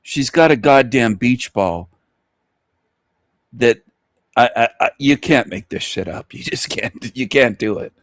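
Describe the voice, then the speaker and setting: A man's voice: medium pitch, unhurried, long pauses, no room sound. Incredulous, laughing male reviewer. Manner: crude, incredulous, keeps breaking into laughter. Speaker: video reviewer. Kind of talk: mocking reaction commentary.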